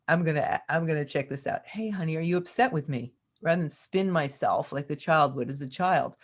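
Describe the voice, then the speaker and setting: A woman teaching about love and relationships on a community call, talking expressively, acting out quoted lines and laughing often. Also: sits low.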